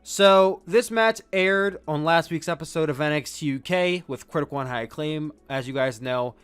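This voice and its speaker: An excitable man hosts a casual wrestling podcast, rambling and restarting his sentences as he gushes. His voice sits a little high for a man, and the sound is dry and close. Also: normal speed, smooth, no echo. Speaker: podcast host.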